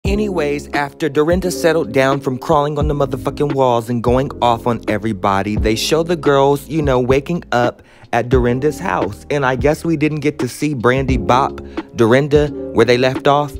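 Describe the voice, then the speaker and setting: A man's voice: medium pitch, moderate pace. A man hosting a casual recap podcast, talking brashly with plenty of swearing and chatty asides. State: out of breath. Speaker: podcast host recapping a reality show. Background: music playing underneath.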